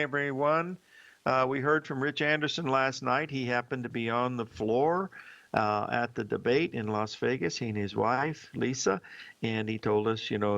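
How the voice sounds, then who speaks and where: Male host of a financial chart show, gravelly, talking loosely with fillers; muffled broadcast sound. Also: mid-range voice, fairly bright tone. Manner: rambling, with many fillers and restarts. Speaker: host and market analyst. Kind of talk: live market commentary show.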